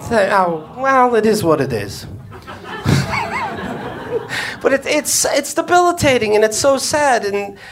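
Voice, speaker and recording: A man's voice: high voice, sing-song, unhurried, long pauses, a bit bright, a little hiss or hum. A man, a comedian and podcast host, telling a crude story on stage before a live audience and acting out the voices he quotes.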